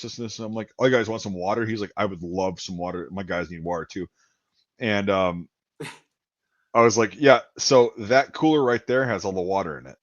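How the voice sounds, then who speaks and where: A man's voice: lowish voice, dry recording. Guy from wisconsin rambling thru a story, trips over his words, dry dull lo-fi sound. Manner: rambling, repeats words, acts out dialogue. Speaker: podcast host. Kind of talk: casual storytelling chat.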